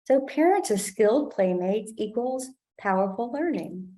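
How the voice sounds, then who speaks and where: A woman giving an instructional talk to parents about play, explaining clearly and acting out what parents say. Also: mid-range voice, animated, unhurried, warm tone. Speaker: parent trainer. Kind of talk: instructional presentation.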